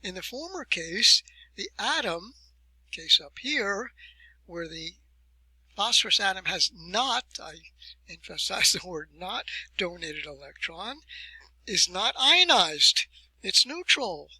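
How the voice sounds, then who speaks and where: A man giving a recorded university lecture, explaining step by step with deliberate emphasis and rhetorical questions. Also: high-pitched, sing-song, sharp tone, slightly rough, dry recording, low-quality recording.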